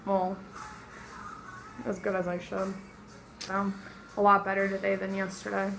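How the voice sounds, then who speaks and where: A young woman telling a story casually in a vlog, animated and profane, full of fillers, sore after surgery. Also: mid-range voice, unhurried, gravelly, faint music behind, rough recording. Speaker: vlogger.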